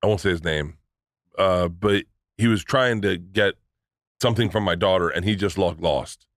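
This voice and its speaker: A man's voice: low voice, moderate pace, no echo, clean studio sound. A middle-aged man, a podcast guest, telling stories in casual chat, acting out the voices of people he quotes and swearing freely. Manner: animated storyteller who acts out quoted voices, swears freely.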